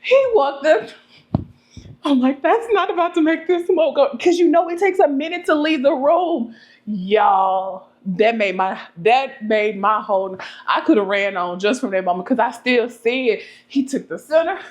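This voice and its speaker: A young woman telling stories to camera in a vlog, animated and laughing often. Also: fairly high pitch. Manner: animated, laughs often, talks fast when excited. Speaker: vlogger. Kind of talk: casual storytelling to camera.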